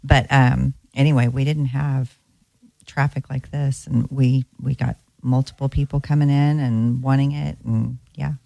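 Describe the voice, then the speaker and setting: Woman radio co-host, real estate broker, casual and rambling, gravelly. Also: rumbling low, flat delivery, measured pace, dark tone, no echo. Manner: chatty, with fillers and restarts.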